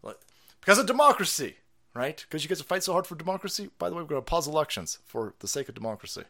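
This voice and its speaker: A man ranting through a live stream, sarcastic and profane. His voice sits a little on the high side, and he drops to mutters and then jumps up to shouts. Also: very animated, quick pace. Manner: foul-mouthed, sarcastic, swings from mutters to shouts. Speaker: streamer host. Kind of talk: ranting political commentary.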